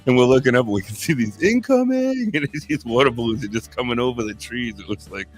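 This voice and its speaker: A man's voice: mid-range voice, fast talker, soft background music. A man co-hosting a casual podcast, telling a funny story with frequent laughter. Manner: animated storyteller, laughs often. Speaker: podcast co-host.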